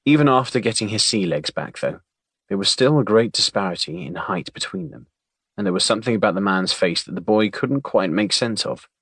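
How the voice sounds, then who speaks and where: A man narrating an audiobook in a measured, wry storytelling manner. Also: lowish voice, expressive, a bit bright, slightly rough, no echo.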